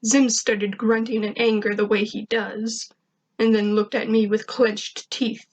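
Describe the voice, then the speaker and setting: A woman reading a first-person fan fiction story aloud in a steady narrating voice. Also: medium pitch, unhurried, slightly rough.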